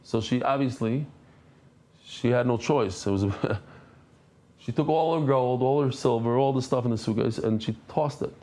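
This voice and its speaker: A man teaching a daily Talmud class, reading the Aramaic text and explaining it in English, switching to softer storytelling. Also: mid-range voice, moderate pace.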